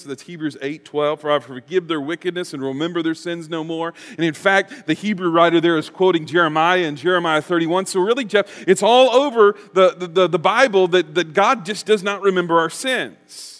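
Pastor, male, animated storyteller, slightly higher voice, church hall echo. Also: fairly quick, hardly any pauses. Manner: lively storytelling preacher, acts out quotes. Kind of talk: sermon. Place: church sanctuary.

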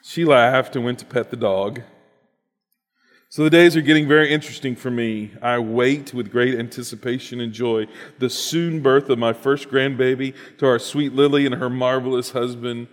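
A man's voice: medium pitch, steady tone, moderate pace, in a large hall. A man reading a written personal story aloud in an earnest, reflective way, then reflecting on it as host.

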